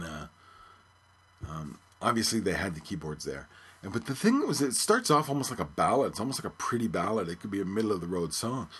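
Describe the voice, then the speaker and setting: Podcast host, male, husky and a touch low, musing casually on the music. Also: fairly bright tone. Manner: musing, thinking aloud.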